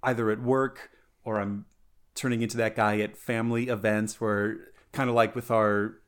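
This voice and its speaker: A man co-hosting a podcast, telling a long joke in casual chat with many restarts and quick voices for the characters. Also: on the low side, level tone, clean tone. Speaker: podcast co-host.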